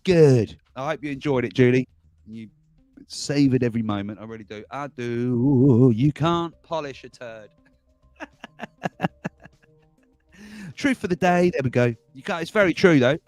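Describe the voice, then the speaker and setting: A man's voice: mid-range voice, normal speed, darkish tone, dry recording, faint music behind. A man hosting a casual livestream, rambling and chuckling as he reads out viewer comments. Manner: chuckling, rambling, self-mocking. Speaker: livestream host.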